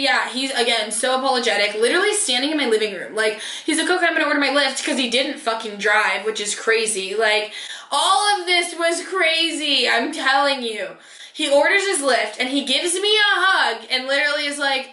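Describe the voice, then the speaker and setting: A woman's voice: high voice, moderate pace, sharp tone. A young woman in her twenties telling a dating story while doing her makeup, chatty, sassy and swearing freely, saying "like" all the time. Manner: chatty, sassy, profane, heavy use of "like". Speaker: beauty vlogger. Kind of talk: casual story-time chat. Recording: roomy echo.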